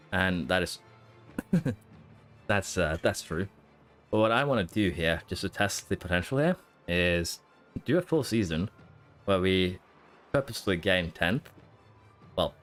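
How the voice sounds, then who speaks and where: A man with a very low voice chats casually to his stream viewers, rambling and restarting his sentences as he thinks aloud. He is trying to hold in hiccups. Soft music plays faintly behind him. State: hiccuping and holding them in. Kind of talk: casual live-stream commentary.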